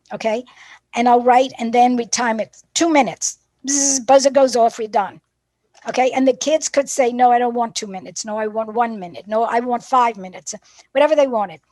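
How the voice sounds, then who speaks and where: A woman teacher trainer with a somewhat high voice gives a professional development talk. She tells classroom stories in a lively way and acts out both sides of the dialogue. The sound is dry and close. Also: dry recording.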